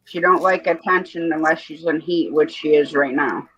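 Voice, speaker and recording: Chatty livestream guest, folksy storyteller, bright voice, muffled audio. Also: medium pitch, steady tone, normal speed, husky, no room sound. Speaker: livestream chat participant. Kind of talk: casual chat.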